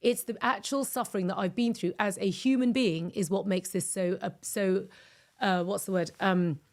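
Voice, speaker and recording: A woman's voice: medium pitch, fairly even intonation, moderate pace. Chatty, effusive woman podcaster. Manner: chatty and effusive, rambling asides. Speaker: podcast host. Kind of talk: casual podcast monologue.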